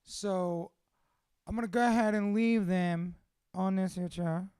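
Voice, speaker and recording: This tattoo studio owner speaks in a high, clear, resonant voice at a measured pace, with no echo. Addressing an audience in a room at a gathering he hosts, he's casual, excitable, heartfelt, and heavily profane.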